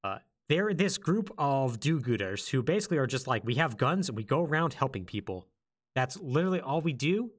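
A man on a casual podcast who swoops up and down as he tells a story. His pitch is mid-range and he jumps into the lines of each character as he goes. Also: a little fast. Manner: animated storytelling, acts out quotes. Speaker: podcast co-host.

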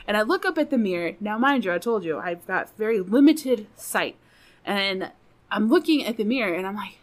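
A woman's voice: medium pitch, expressive, brisk. A woman guest on a podcast telling a funny personal story in casual, profane chat, laughing often.

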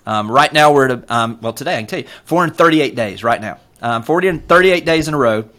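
Man, Southern US accent, lively swinging pitch, earnest, many fillers, podcast guest. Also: fast talker. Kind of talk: casual interview chat.

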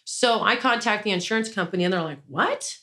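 A woman of middle pitch tells a long personal story as an interview guest, rambling from one point to the next with frequent fillers and restarts. Her tone turns indignant as she recounts being wronged. It sounds like casual talk rather than a prepared account. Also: fast, fairly bright tone. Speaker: small business owner, interview guest.

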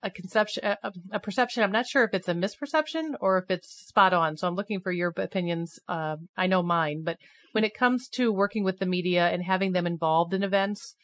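A woman's voice: mid-range voice, a little fast, no room sound. Chatty woman hosting a panel. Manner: chatty, laughs often, animated storytelling. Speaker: host. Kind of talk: casual panel discussion.

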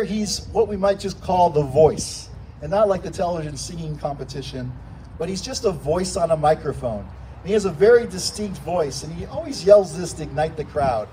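A man preaches to his congregation in an animated way, rising toward shouts when he voices cries for help. His voice sits high for a man. It sounds far from the microphone, with faint noise underneath. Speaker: pastor. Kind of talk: sermon. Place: church sanctuary. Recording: distant mic with faint room noise.

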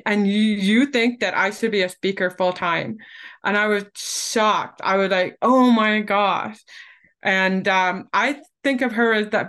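A woman's voice: medium pitch, a bit bright. A woman in her forties, a keynote speaker and podcast guest, telling her life story animatedly and acting out the dialogue.

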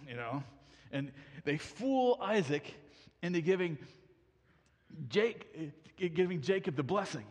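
A man's voice: sits high, lively intonation, a little slow, pauses often, darkish tone, in a large hall. A male pastor preaching a sermon in a casual storytelling way, full of fillers.

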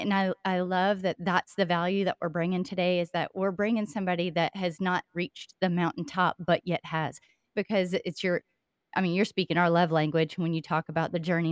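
A woman's voice: on the low side, steady tone, brisk, no room sound, studio quality. A woman hosting a podcast interview, speaking in an effusive, affirming way. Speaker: podcast host.

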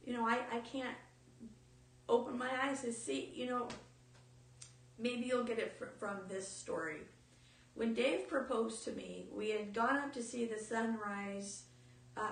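Woman, earnest informal preacher, gravelly edge, distant mic in an echoey room. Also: mid-range voice, a little hiss or hum. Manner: earnest, storytelling, with restarts. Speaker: speaker in a teaching talk. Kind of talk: informal sermon.

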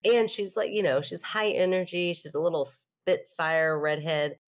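Animated woman host telling a story. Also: lowish voice, moderate pace. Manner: animated, laughs often, acts out quotes. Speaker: podcast host. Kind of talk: casual storytelling chat.

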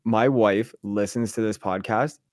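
With a lowish voice and a measured pace, this man co-hosts a podcast, swapping casual stories, swearing freely, and voicing the other characters himself. The sound is studio quality, free of echo.

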